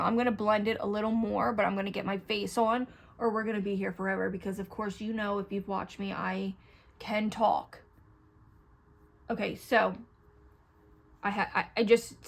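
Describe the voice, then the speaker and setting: A woman's voice: medium pitch, vocal fry. A middle-aged woman talks straight into the camera at home as she does her makeup, chatty and candid. She rambles from one story to the next and keeps turning to her viewers. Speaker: beauty vlogger. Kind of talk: casual get-ready-with-me chat.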